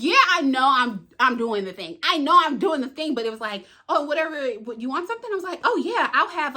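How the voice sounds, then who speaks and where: A young woman vlogger telling a casual storytime, animated, acting out each bit of dialogue and talking straight to her viewers. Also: high-pitched.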